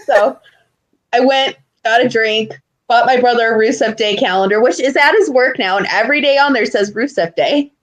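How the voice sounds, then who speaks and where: A young woman co-hosting a podcast, telling stories in an animated way with loud outbursts and lots of swearing. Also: a little high, normal speed. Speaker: podcast co-host. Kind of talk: casual chat.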